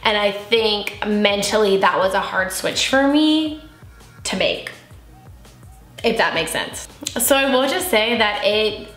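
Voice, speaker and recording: A twenty-something beauty vlogger talks through a casual get-ready-with-me as she does her makeup, candid, giggly and openly emotional. Her mid-range voice is animated and fairly bright, and she speaks at a slow pace. The room is echoey, with faint music in the background.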